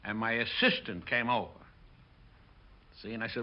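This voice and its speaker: An older man, a film director, recalls his career in an interview, telling lively stories and acting out the lines of the people in them. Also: lowish voice, moderate pace, long pauses, dull audio, slight background noise. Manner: lively storyteller acting out quotes. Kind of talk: interview recollection.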